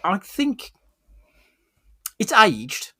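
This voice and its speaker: A man's voice: high-pitched, extremely slow, dry recording, clean studio sound. A man co-hosting a podcast, casually chatting through a film review and leading the rating categories. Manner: relaxed, leads the rating categories. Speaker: podcast co-host.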